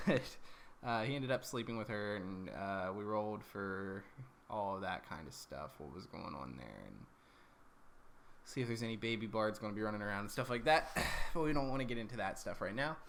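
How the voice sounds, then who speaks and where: A man's voice: fairly low pitch, animated, normal speed, vocal fry, fairly bright tone, a little hiss or hum. A man recapping his tabletop campaign as dungeon master, rambling along with lots of ums and corrections.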